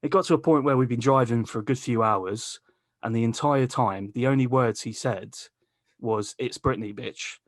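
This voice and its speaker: A man's voice: medium pitch, moderate pace, no room sound, studio quality. A man hosting a podcast, telling a long rambling story in casual chat, swearing freely and laughing mid-sentence. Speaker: podcast host.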